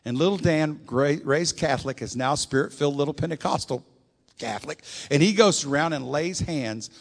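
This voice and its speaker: A man's voice: a little high, moderate pace, vocal fry. A male preacher, telling stories in a folksy sermon and calling out "Amen?" to his congregation. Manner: storytelling, folksy, rising to emphatic calls of "Amen?". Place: church. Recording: long hall reverb.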